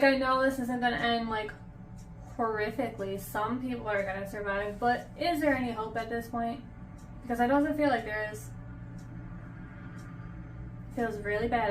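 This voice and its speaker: A woman's voice: fairly high pitch, normal speed, long pauses, a little hiss or hum. A young woman in a casual reading reaction vlog, gushing and emotional, near tears as she talks. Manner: gushing and emotional, many exclamations. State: tearful. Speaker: book vlogger.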